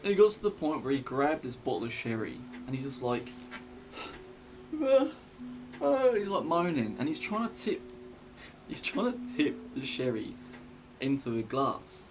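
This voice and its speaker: A man's voice: mid-range voice, sing-song, unhurried, pauses often, music in the background. Chatty young man. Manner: rambling and chatty, many fillers and restarts. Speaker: vlogger telling a story. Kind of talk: casual storytelling.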